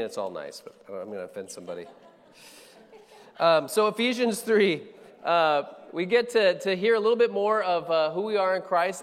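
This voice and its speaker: Higher-voiced pastor from Colorado. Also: male voice, long reverb tail. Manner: casual, conversational, with frequent fillers and restarts. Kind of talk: sermon teaching.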